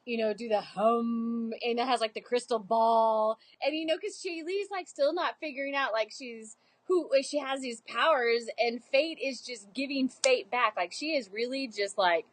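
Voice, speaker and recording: A woman's voice: a little high, measured pace, no echo, rough recording. A young woman talking animatedly about a book, giggling and acting out quoted characters. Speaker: book vlogger. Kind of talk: casual book discussion.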